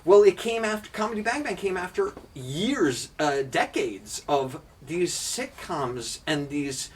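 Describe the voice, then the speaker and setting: A young man rambles through a casual podcast chat, swearing freely and tossing in animated asides. He sits a little back from the mic, and a faint hiss of room ambience hangs under his voice. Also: high voice, a little slow, far from the mic. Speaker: podcast host.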